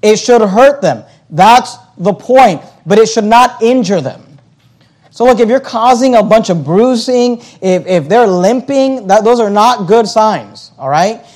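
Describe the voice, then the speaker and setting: A man with a notably high voice delivers a sermon, talking to the congregation in a loose, conversational way. He stumbles over his words and repeats himself often as he pushes his points. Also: expressive, a little slow, a little mellow. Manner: conversational preaching with frequent stammered restarts. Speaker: pastor.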